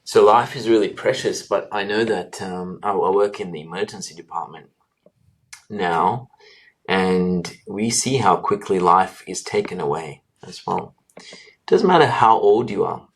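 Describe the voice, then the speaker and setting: A man with a very deep voice talks earnestly about his life in a long interview answer. He often pauses with fillers and restarts his sentences. He is a doctor in his thirties. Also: husky. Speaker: guest, doctor.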